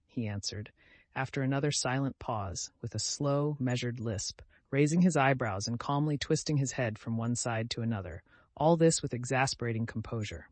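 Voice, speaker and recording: A man narrating a classic story in steady, scripted audiobook reading. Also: mid-range voice, moderate pace, dry recording.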